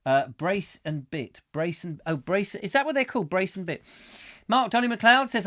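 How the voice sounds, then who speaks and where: A man's voice: high voice, moderate pace, a bit bright. A middle-aged man hosting a comic live chat show, rambling playfully and breaking into silly voices and sung sound effects.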